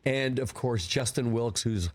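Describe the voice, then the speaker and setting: An older man being interviewed in a studio, with a voice of middle pitch. He tells long, rambling stories and brings them to life when he quotes people. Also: measured pace. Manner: rambling anecdotes, animated quoting. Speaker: film producer, guest. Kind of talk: casual interview storytelling. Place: broadcast studio.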